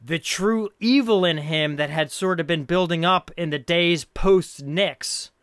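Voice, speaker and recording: A man's voice: fairly high pitch, measured pace, a bit bright, smooth, no echo, studio quality. A man hosting a casual film podcast, rambling and thinking aloud, laughing often as he talks. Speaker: podcast host.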